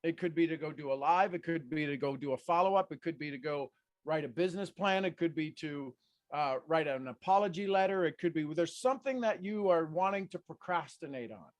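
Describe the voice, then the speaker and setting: A man coaching a group on a video call, energetic and repeating his commands over and over. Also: fairly high pitch, brisk, no echo. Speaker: life coach.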